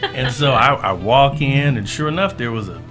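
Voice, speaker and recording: A man in his fifties from Southern California, a guest telling a story with animated delivery, often acting out other people's voices with a laugh in his voice. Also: mid-range voice, moderate pace. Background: background music.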